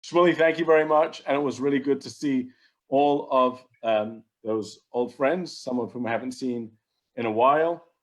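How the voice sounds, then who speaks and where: A man from London, giving a measured, reflective talk over a video call. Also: mid-range voice. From London, England. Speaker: guest lecturer rabbi. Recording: dull video-call audio.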